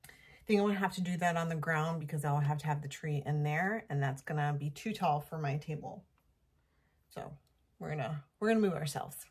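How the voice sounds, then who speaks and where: Soft-spoken woman crafting at home. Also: deep voice, a little fast, breathy edge. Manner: quiet, hushed so as not to wake a napping child; thinking aloud while working with her hands. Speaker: home decor vlogger. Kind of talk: casual crafting narration.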